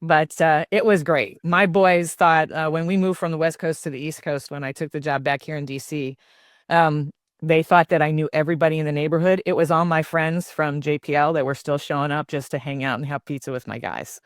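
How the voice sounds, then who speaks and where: An older woman, a grandmother, telling family stories as an interview guest, thoughtful and halting with many fillers. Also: low voice, fairly even intonation, dry recording, studio quality. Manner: warm reflective storytelling with many fillers. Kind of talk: casual interview talk.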